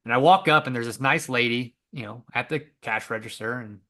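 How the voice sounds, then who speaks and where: Man, bright and forceful voice, animated storyteller, casual chat, acts out other voices. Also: medium pitch, brisk. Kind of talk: casual conversation.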